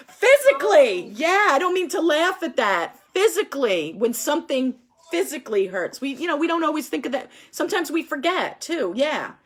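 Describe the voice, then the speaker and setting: A woman with a high, bright-edged voice leads a friendly group session over a video call. She keeps things upbeat and encouraging, laughing easily as she calls on each person. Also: very animated, normal speed. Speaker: group facilitator. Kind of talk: leading a group discussion.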